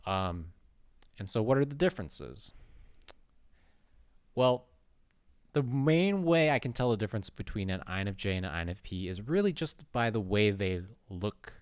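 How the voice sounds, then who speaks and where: A man's voice: lowish voice, big pitch swings, normal speed, long pauses, clear, resonant tone, no room sound, clean studio sound. A young man hosting his own channel, rambling playfully to camera in casual chat and swearing now and then. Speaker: YouTube channel host. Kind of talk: casual vlog talk to camera.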